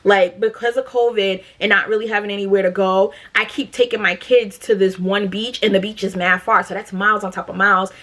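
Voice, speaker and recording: Blunt, cussing woman vlogger, bright voice. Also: mid-range voice, a little fast, few pauses. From Massachusetts. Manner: blunt, profane, animated ranting. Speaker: storytime vlogger. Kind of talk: casual storytelling to camera.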